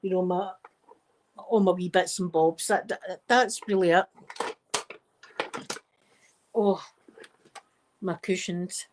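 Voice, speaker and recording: Casting note: middle-aged Scottish woman, soft chatty ASMR host, meandering storyteller. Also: on the low side, steady tone, measured pace, background noise. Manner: chatty and rambling, with frequent wee and laughter. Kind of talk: soft-spoken casual chat.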